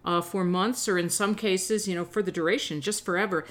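A middle-aged woman giving opinionated solo commentary, animated and emphatic with sarcastic asides. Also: medium pitch, brisk.

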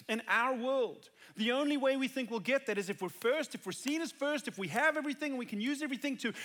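A man's voice: very high voice, a bit bright. A man preaching a sermon, earnest and conversational, building to emphatic peaks. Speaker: pastor.

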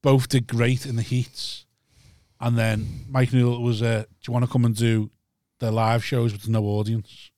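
Male podcast host, casual chat, gossipy retelling, mid pitch, dry close sound. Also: little pitch movement, measured pace, darkish tone, dry recording. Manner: chatty, recounts gossip with quoted asides.

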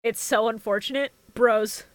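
Excitable, foul-mouthed woman podcast co-host. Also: on the high side, moderate pace, no echo. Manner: profane, excitable, laughs often. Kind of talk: casual chat.

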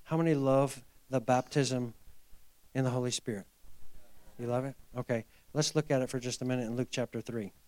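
A middle-aged male pastor preaching a sermon, telling a story and then building to fervent exhortation, moving from hushed tones to loud emphasis. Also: medium pitch, fairly even intonation, fairly quick.

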